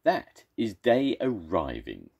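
An older man voicing a cheeky, squabbling male monster in a children's storybook, shouting taunts and names. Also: deep voice, huge pitch swings, slow, vocal fry, husky, voice pushed up, heavily acted. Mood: taunting. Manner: shouting taunts, name-calling.

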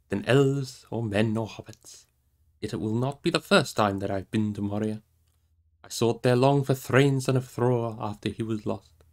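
A man reading aloud voices an old male wizard, solemn and commanding, in measured tones. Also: mid-range voice, a little mellow, natural voice. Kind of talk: audiobook reading.

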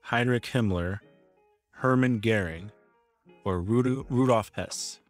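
A man's voice: fairly low pitch, slow, soft background music. A man hosting a casual podcast, reading out quiz questions and teasing his guests with frequent laughter. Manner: teasing, laughs often, reads options aloud. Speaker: podcast host, quizmaster.

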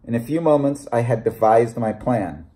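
A man reading a short story aloud in a measured, deliberate narration. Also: medium pitch, animated, warm tone. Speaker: audiobook reader. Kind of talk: scripted narration.

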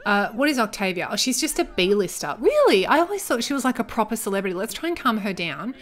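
A young woman chatting casually as she comments on her life-simulation gameplay, excitable and joking as she reacts. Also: medium pitch, fast. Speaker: gaming YouTuber.

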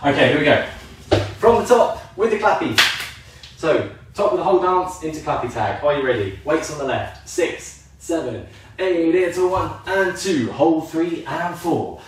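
Male dance instructor, lively and self-joking, calling counts off-mic in a reverberant home room. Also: a little high, moderate pace, distant mic. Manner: upbeat, calls counts rhythmically, jokes about himself. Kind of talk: live online dance lesson. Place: at home, moving while teaching. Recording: very echoey room, voice off-mic, faint noise.

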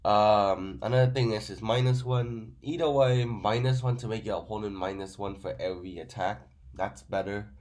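A man's voice: lowish voice, steady tone, moderate pace, darkish tone. Sick man rambling through a card review. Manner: non-native grammar, rambling with fillers. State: sick, stuffy voice.

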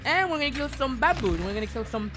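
A man whose first language is Spanish, streaming a game live in English, swinging between excited shouts and quiet muttering, swearing and repeating phrases. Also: very high-pitched, fast, noisy background. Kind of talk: live gameplay commentary.

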